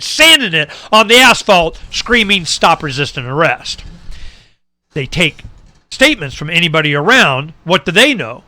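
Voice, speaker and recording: A middle-aged man hosting a talk show, telling a long story in casual chat, animated and dropping low for asides. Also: dry recording. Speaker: radio show host.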